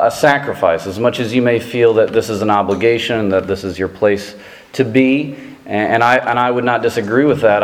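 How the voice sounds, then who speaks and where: American preacher rambling with fillers. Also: male voice. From United States. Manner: rambling, self-deprecating storytelling with many fillers and restarts; gets animated and high-pitched telling a funny story. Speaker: visiting preacher. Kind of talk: sermon.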